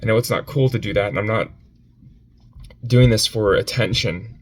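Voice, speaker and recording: A man giving a confessional vlog on his phone, upset and near tears, speaking haltingly and repeating himself between sighs. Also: fairly low pitch, a little hiss or hum. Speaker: vlogger.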